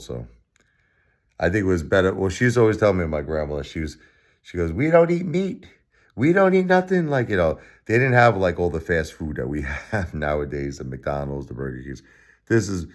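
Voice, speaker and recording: A man in his forties from Brooklyn with a Brooklyn accent, talking bluntly and from the heart in a late-night vlog, repeating phrases and laughing wryly. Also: extremely low pitch. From Brooklyn, New York. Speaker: vlogger.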